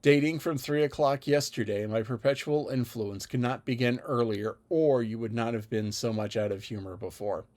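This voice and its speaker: A man voicing a spirited, witty young gentlewoman with a teasing manner. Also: mid-range voice, moderate pace, hardly any pauses, natural voice.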